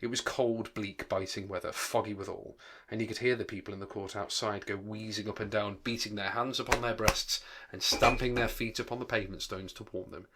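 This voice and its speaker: A man's voice: lowish voice, fairly even intonation, a little fast, bright, forceful tone, a little hiss or hum. A male teacher, reading a novel aloud and breaking off into conversational explanations. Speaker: English teacher. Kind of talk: read-aloud with rambling commentary.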